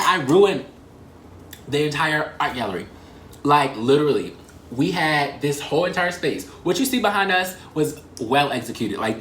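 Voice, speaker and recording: A man in his twenties telling an embarrassing story in a fast, animated and profane way, full of slang and "like" fillers. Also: on the high side, slight background noise. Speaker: vlogger. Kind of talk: casual storytime. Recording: roomy echo.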